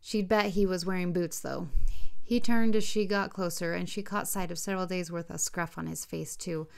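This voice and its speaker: A woman, the author, narrating her own romance novel as an audiobook in a steady, unhurried reading. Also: on the low side, gravelly, smooth.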